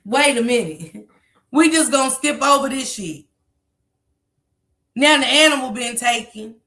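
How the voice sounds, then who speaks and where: A woman's voice: sits high, measured pace, sharp tone. A woman in her forties hosting a reaction commentary stream, talking in a blunt, emphatic way and swearing freely. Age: 40s. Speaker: commentary livestream host.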